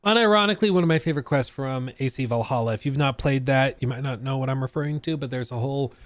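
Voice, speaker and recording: A man's voice: medium pitch, fast talker, a little hiss or hum. A man chatting casually on a live stream, reacting to a video and laughing at his own tangents.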